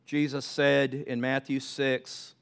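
Man, pastor, sermon, smooth resonant voice, conversational then impassioned. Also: medium pitch, little pitch movement, slow. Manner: conversational preacher, builds to impassioned pleas.

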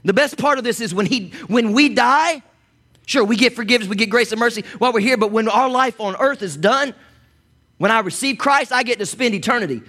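Pastor guy preaching, high voice, chatty, jokes with the congregation. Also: a little fast, sharp tone. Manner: conversational preaching with asides to the congregation. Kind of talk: sermon.

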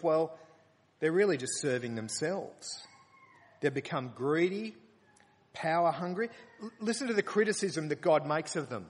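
A man's voice: fairly high pitch, breathy edge. A man preaching a sermon, earnest and emphatic when he reads scripture aloud. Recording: long reverb of a large hall.

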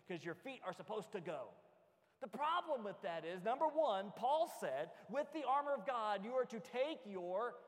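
A man preaching a sermon as pastor, animated and joking, acting out little everyday scenes. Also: high voice. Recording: long hall reverb.

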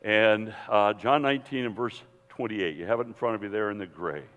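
Lively low-voiced man lecturing in a hall. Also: brisk, highs cut off. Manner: lively, digressive, with many restarts and asides. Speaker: seminar teacher. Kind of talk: sermon-style Bible lecture. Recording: long hall reverb.

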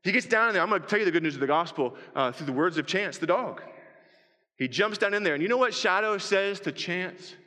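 A man preaches in a hall with a long, ringing reverb. His voice sits high and bright, and he tells his story with animated energy, acting out the scenes and pleading loudly. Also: brisk. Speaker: pastor. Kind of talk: sermon.

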